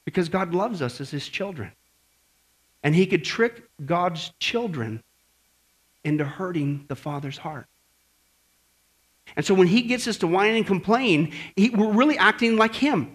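A man's voice: high-pitched, fairly bright tone, slightly rough. A male pastor preaching an emphatic sermon and quizzing the congregation.

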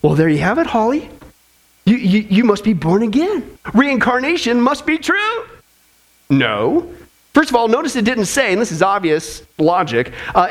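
A man preaching a sermon to a congregation, emphatic and preacherly, with jokey asides to the crowd. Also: sits high. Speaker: pastor.

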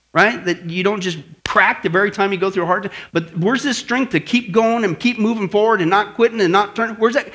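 Middle-aged man, pastor, sermon, high voice, bright, lively storytelling, keeps asking "right?". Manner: animated storytelling with acted shouts and asides. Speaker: pastor teaching apologetics.

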